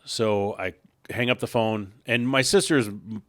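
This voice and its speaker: A man with a fairly low voice co-hosts a casual podcast, spinning a long, rambling story over a studio mic. He keeps drifting into asides and laughs at his own punchlines. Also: a little slow, fairly bright tone, no room sound. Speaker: podcast co-host.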